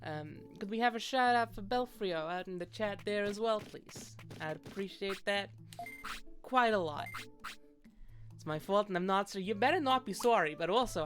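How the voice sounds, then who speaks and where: A woman's voice: medium pitch, a bit bright. Woman streamer in a put-on New York voice. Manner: chatty, laughs often, greets viewers. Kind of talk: casual gameplay commentary.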